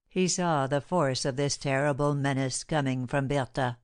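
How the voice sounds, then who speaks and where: A woman narrating a classic novel as an audiobook, reading in a measured, steady way. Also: extremely low pitch, no room sound, clean studio sound.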